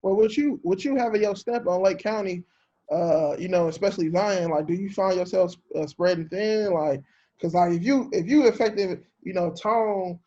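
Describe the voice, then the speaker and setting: A man's voice: high-pitched, moderate pace, dark tone. A man hosting a podcast, asking long, loose questions with many fillers in a casual way. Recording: dull lo-fi recording.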